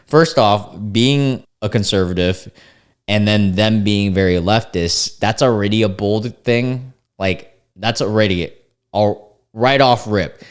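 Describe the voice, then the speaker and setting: A man's voice: fairly low pitch, measured pace, smooth. A young man hosting a casual reaction commentary, reading dating-app chats aloud in an amused, laid-back way with frequent restarts. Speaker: commentary host reading screenshots.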